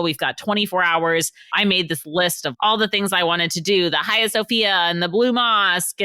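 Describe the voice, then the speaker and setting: A woman's voice: fairly low pitch, sharp tone, no room sound, clean studio sound. A woman author talking as a podcast guest, telling stories animatedly and acting out the quotes. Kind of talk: casual storytelling in a podcast interview.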